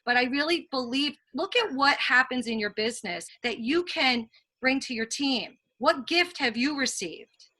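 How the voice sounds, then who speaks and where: A woman's voice: high-pitched, lively intonation, moderate pace, bright, forceful tone. A woman leading a team training call, telling earnest, motivational stories and taking questions from the chat. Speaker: sales team leader.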